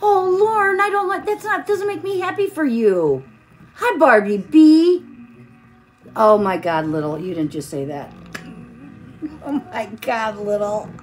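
A woman's voice: on the high side, unhurried, pauses often. A tired woman hosting a live stream, chatting casually while she crafts and greeting viewers by name with pet names.

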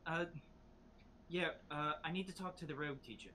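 A man's voice: a little high, fairly quick, sharp tone, a little hiss or hum. A man playing a tabletop game who chatters in a loose, rambling way. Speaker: player. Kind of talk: casual tabletop play.

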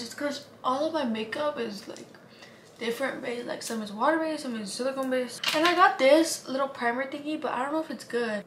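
Young woman vlogging on her camera, high voice, chatty and sweary, noisy background hiss. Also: roomy sound. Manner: chatty, swears casually, mixes in Spanish. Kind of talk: casual vlog chat. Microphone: handheld camera. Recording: camera mic with clear background noise.

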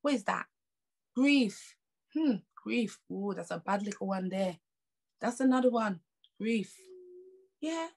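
A woman's voice: mid-range voice, animated, slow, vocal fry, long pauses, a little mellow. A woman with a British accent delivering a sermon in an emphatic, conversational voice. She repeats her key lines and builds intensity, with casual asides. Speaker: preacher.

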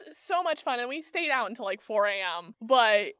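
Bright, slightly high woman; casual podcast co-host, dry close sound, chatty storyteller. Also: very animated, clear, resonant tone, no echo. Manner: chatty storyteller, quick asides and laughs. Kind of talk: casual chat.

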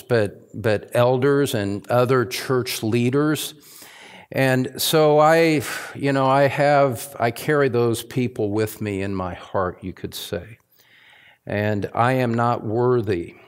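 A middle-aged man preaching a sermon as pastor in a church service that is streamed live, speaking earnestly and reflectively with frequent restarts and asides. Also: lowish voice.

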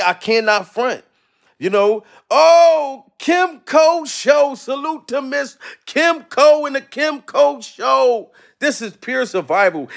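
A man hosting a live stream, ranting profanely in a loose, rambling way, laughing often and shouting out viewers in the chat, his voice going hoarse. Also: high voice. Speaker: livestream comedian host.

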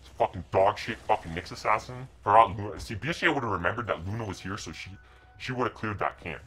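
A young man streaming a game, cursing and yelling orders at his teammates, then muttering asides to his viewers. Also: lowish voice, fast talker. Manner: profane, shouting orders at teammates. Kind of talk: live gameplay commentary.

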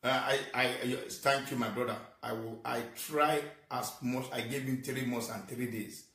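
A man's voice: medium pitch, steady tone, normal speed, distant mic. Ranting Nigerian man, echoey and off-mic. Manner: scolding, repetitive, swings from shouting to muttering. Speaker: social media ranter. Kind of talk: angry rant in Pidgin and English.

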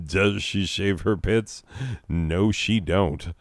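A high man rambling crudely and joking as he hosts his own gameplay commentary. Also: drawn-out words, no room sound, clean studio sound. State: high on drugs. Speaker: let's play host. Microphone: own desk microphone.

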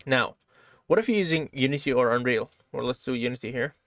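A man with a medium-pitched, slightly bright voice teaches programming in an animated, fairly quick manner during a screen-share lesson. He's casual, goes step by step and keeps asking "right?", recorded at studio quality without room sound.

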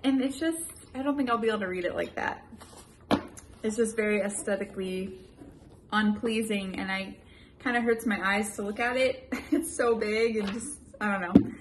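A young woman and mother chatting casually in a home vlog and reading a children's picture book aloud with lively sound effects. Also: mid-range voice, normal speed, a little hiss or hum. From United States. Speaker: vlogger, mother.

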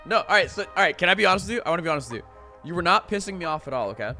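A young man chats loosely to his live-stream audience, rambling through stories with plenty of "like" and casual swearing. His voice is bright and sits a little high. Faint music plays underneath. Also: rapid-fire. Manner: rambling and animated, lots of "like" and swearing.

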